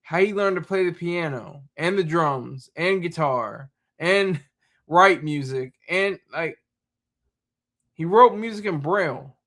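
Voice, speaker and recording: Casual male streamer, high voice, bright tone, chatty and laughing. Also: lively intonation, takes it slowly. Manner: rambling, laughs often, talks to chat. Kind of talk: casual live-stream chat.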